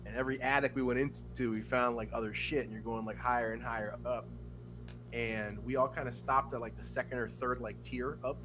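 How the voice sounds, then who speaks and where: A man's voice: medium pitch, a little fast, music in the background. Profane rambling storyteller man. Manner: profane, rambling, animated when acting out quotes. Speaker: podcast co-host. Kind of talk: casual storytelling.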